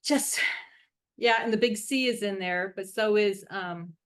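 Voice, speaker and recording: A woman co-hosting a casual chat with a Texan accent, talking in a relaxed way and chiming in with short agreeing replies. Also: mid-range voice, a little slow, clear, resonant tone. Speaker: podcast co-host.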